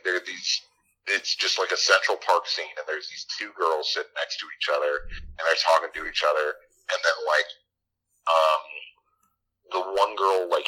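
A man's voice: sits low, pushed and bright, slight background noise, low-quality recording. A man on a casual podcast, rambling and swearing as he recaps a movie. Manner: profane, rambling recaps with mock voices. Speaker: podcast co-host.

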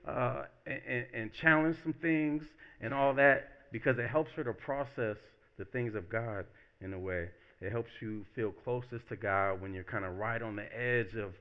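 A man preaching a relaxed, conversational sermon as pastor, acting out quoted voices as he talks. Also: mid-range voice, clear, resonant tone, dull audio. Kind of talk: casual sermon.

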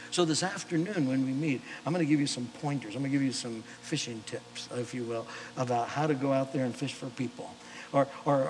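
A male pastor preaching a sermon, telling a story with animated delivery, acting out the voices of the people in it and often restarting his words. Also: mid-range voice, a little hiss or hum, rough recording. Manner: animated storyteller, acts out quoted voices, frequent repeated starts. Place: church or chapel service.

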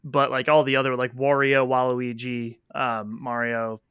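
A man in casual podcast chat, animated and quick to argue, swearing freely. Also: medium pitch, clear, resonant tone, no room sound, studio quality.

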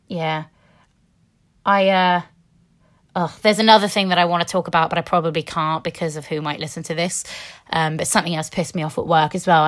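A woman's voice: medium pitch, fairly bright tone. A woman hosting a podcast, ranting frankly in a casual, rambling way with plenty of swearing and fillers. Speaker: podcast host. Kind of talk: casual solo rant.

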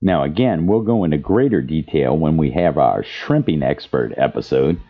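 A bass-voiced man from Louisiana hosts an advocacy podcast, delivering impassioned commentary and reading quotes aloud. His voice is animated with a breathy edge at a normal speed, and the recording sounds dull and lo-fi.

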